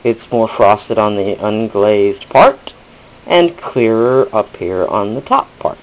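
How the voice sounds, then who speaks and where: A man's voice: fairly low pitch, expressive, slow pace, poor audio. A man hosting a casual crafting tutorial, chatting and correcting himself as he demonstrates. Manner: chatty, rambling with self-corrections.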